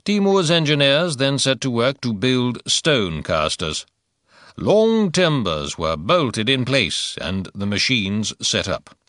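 Slow, deliberate male narrator. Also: medium pitch, big pitch swings, a bit bright, dry recording, studio quality. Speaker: audiobook narrator. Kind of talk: scripted history narration.

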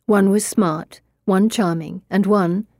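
A woman's voice: medium pitch, fairly even intonation, takes it slowly, warm tone, no echo, clean studio sound. A woman playing an eerie teenage girl spinning a ghost story. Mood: ominous. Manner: teasing, ominous storytelling.

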